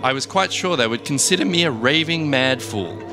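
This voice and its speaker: A man reads a comic first-person story in a dry, deadpan way. His pitch swings lively up and down. Music plays steadily behind him. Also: normal speed. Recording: background music.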